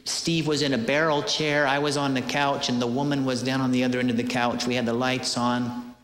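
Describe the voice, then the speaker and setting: Animated preacher in an echoey hall. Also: male voice, mid-range voice, a little fast, slight background noise. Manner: animated storytelling with hesitant fillers. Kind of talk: sermon. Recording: echoey hall with long reverb.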